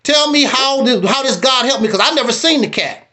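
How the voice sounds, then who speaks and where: A man telling his own story on a live stream, animated and repeating himself, then bluntly challenging the other speaker. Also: very high voice, fairly quick.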